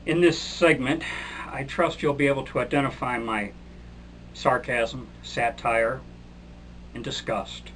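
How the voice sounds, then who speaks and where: A man's voice: mid-range voice, steady tone, measured pace, long pauses, fairly bright tone, a little hiss or hum, poor audio. A man from Michigan delivering a sarcastic political monologue, mock-indignant and circling back to one refrain again and again. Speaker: political commentator.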